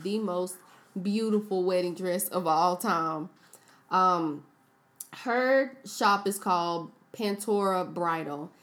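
A woman co-hosting a casual podcast chat, talking through recommendations with plenty of fillers. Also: on the low side. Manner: chatty, recommends businesses with frequent fillers. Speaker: podcast co-host.

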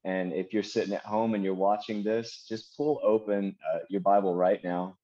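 Earnest man reading scripture slowly. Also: fairly low pitch, fairly even intonation, mellow, lo-fi sound. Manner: earnest, slows to read verses aloud as prayer. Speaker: minister. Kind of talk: devotional teaching on reading scripture.

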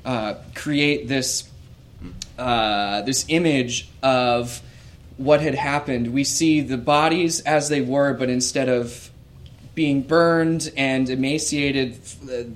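A man acting as game master, narrating scenes in a relaxed, descriptive way with many fillers. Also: mid-range voice, slow pace.

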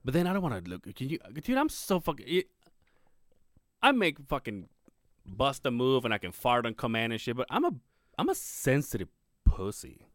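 A man's voice: mid-range voice, huge pitch swings, normal speed, dry recording, studio quality. A man co-hosting a podcast in casual chat, joking and swearing, often breaking into laughter. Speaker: podcast co-host.

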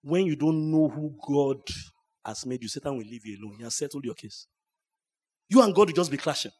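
A pastor preaching at a church service, his voice sitting fairly high for a man. He swings from quiet, dropped asides to loud, ringing shouts. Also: expressive, a little fast, husky. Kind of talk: sermon.

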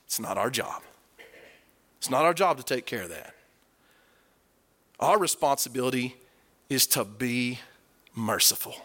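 A man preaching a sermon, animated and emphatic, rising to forceful peaks as he drives his points home. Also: mid-range voice, unhurried, long pauses.

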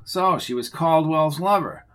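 A man reading the lines of a steady, cautious male colleague in a measured tone. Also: fairly high pitch. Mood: calm reasoning.

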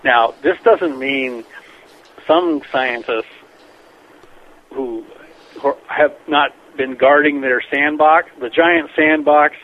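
A man being interviewed as a scientist guest on a radio show, telling stories in a rambling, animated way with many restarts. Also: fairly high pitch, slow, pauses often. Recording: dull lo-fi radio broadcast with faint noise.

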